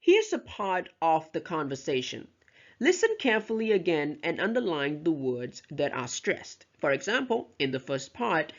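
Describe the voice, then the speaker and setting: A teacher giving a lecture on pronunciation, explaining step by step and modeling example sentences aloud. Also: medium pitch. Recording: dull, lo-fi recording.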